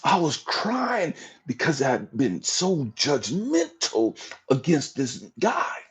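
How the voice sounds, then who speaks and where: A man's voice: fairly high pitch, wildly swooping pitch, slow pace, slightly rough. A man hosting a livestream, telling an emotional personal testimony in a raw, profane storytelling manner. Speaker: livestream host.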